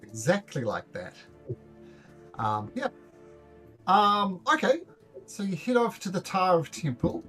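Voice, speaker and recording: A man narrating as game master for a tabletop game, halting and full of fillers. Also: sits high, big pitch swings, bright, forceful tone, faint music behind.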